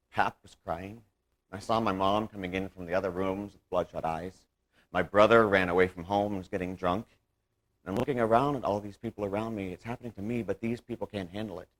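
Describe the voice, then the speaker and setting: Low-voiced man performing a stage monologue. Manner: theatrical, swings between loud outbursts and hushed recollection.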